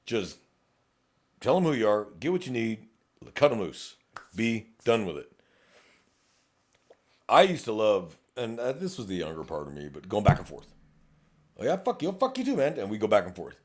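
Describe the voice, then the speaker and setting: A man's voice: fairly low pitch, very animated, normal speed, pauses often, darkish tone. A middle-aged man with a Texan accent, a police officer co-hosting a casual podcast, talking bluntly with plenty of profanity and acting out exchanges with drivers. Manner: blunt and profane, acts out traffic-stop exchanges.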